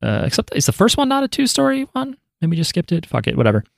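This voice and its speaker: Relaxed man hosting a podcast. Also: high voice, fast talker, gravelly, dry recording, clean studio sound. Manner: loose, joking, swears casually. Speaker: podcast host. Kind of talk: casual podcast chat.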